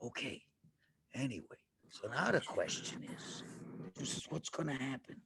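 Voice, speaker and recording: A man's voice: mid-range voice, sing-song, normal speed, creaky, noisy background. A male rabbi telling a story to children with dramatic flair and frequent questions to them. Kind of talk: animated storytelling lesson.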